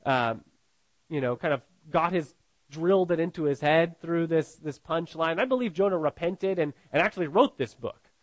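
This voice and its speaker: A man's voice: on the high side, lively intonation, moderate pace, no room sound. A man preaching an expository sermon, emphatic, often repeating phrases and checking in with "right?".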